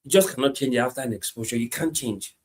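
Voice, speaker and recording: A man preaching a sermon, repeating his points emphatically and moving between hushed lines and loud climaxes. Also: mid-range voice, quick pace, a little hiss or hum. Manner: repetitive, emphatic, swings from hushed to shouting.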